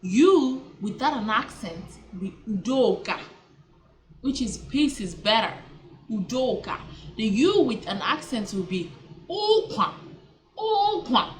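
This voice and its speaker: Her voice sits a little high with a sing-song lilt. As a language teacher in a relaxed vlog, she goes over words slowly, repeating them, chatting and catching her own errors.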